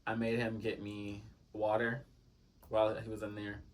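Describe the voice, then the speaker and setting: A young man telling a casual, gossipy story time, full of "like" fillers and animated quoted exchanges. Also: on the low side, normal speed, far from the mic.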